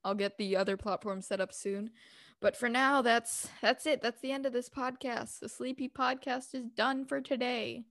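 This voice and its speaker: A woman's voice: a little high, fairly even intonation, moderate pace, fairly bright tone, dry recording, clean studio sound. A young woman hosting a casual podcast, chatty and giggly with informal slang. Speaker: podcast host.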